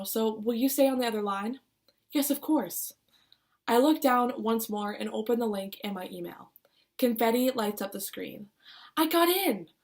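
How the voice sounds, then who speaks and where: A woman's voice: fairly high pitch, a little mellow. A young woman reading her own personal essay aloud, putting feeling into her quoted lines. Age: young adult. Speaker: student reader.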